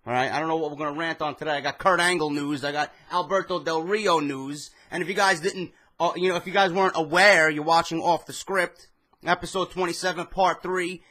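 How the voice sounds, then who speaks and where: Swearing New guy, bright tense voice. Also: on the high side. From New York. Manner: heated, swears constantly, storytelling rant. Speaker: wrestling commentary vlogger. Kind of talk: profane ranting monologue.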